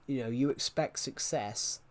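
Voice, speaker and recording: Male live streamer, mid-pitched, loose rambling delivery. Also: measured pace. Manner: rambling, repeats and restarts phrases. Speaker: game streamer. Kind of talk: casual live-stream chat.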